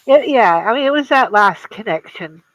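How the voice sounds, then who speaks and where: An older woman, a guest in a casual chat, talking haltingly with many restarts about a loss. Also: fairly high pitch, lively intonation, highs cut off, background noise.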